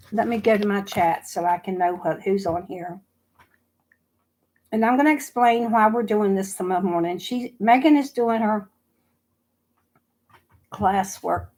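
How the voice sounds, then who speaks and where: A woman's voice: medium pitch, a little hiss or hum, poor audio. An older woman chatting casually on a phone livestream, talking with lots of "you know" fillers and repeating herself. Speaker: livestream host.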